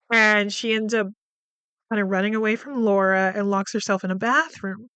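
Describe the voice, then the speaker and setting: Podcast lady recapping a movie, chatty and a bit sweary, smooth voice, dry close sound. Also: mid-range voice, fairly even intonation, normal speed, pushed and bright, dry recording. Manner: chatty, heavy on "like" fillers, swears freely. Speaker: podcast host. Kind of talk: casual film recap.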